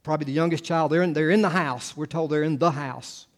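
A male pastor delivers a sermon in a casual, talky way. He often backtracks and restarts his sentences. His voice sits a little on the high side. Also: quick pace. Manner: conversational, full of restarts and asides.

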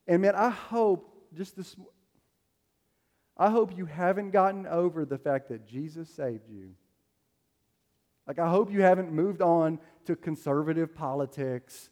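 A man's voice: on the high side, expressive, normal speed, darkish tone. A man preaching a sermon as a pastor, telling stories in a loose, conversational way with plenty of fillers. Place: church sanctuary. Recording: long hall reverb.

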